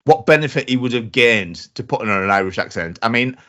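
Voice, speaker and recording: A man's voice: mid-range voice, expressive, quick pace, pushed and bright. A man, co-hosting a casual podcast and telling rambling stories full of fillers and restarts. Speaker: podcast co-host. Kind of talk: casual chat.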